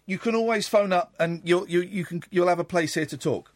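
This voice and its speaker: A man hosting a late-night radio phone-in, talking in a rambling, halting way full of fillers. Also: sits high, no echo, clean studio sound. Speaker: radio host. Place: radio studio.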